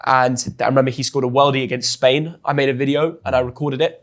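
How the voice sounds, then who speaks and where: A man's voice: medium pitch, fast. Chatty young English man. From England. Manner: chatty and animated, often restarts words. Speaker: guest, football influencer. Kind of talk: casual storytelling in an interview.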